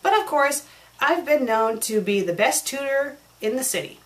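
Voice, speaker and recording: A woman's voice: high voice, animated, normal speed, a bit bright, pitched above the performer's own voice. A woman reading out a pompous, arrogant male tutor in a condescending tone. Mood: haughty. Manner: haughty, condescending.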